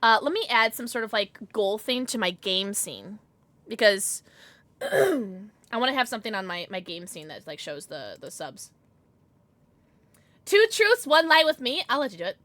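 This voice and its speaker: A woman streamer chatting casually with her live audience, bubbly and giggly, rattling off quick greetings. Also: mid-range voice, big pitch swings, sharp tone. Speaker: Twitch streamer.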